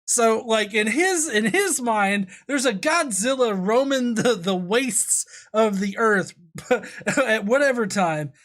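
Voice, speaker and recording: A woman streamer reacting to a video with sarcastic, foul-mouthed commentary. Her pitch jumps around a lot, and she breaks into laughter often. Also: expressive, takes it slowly. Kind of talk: casual live-stream commentary.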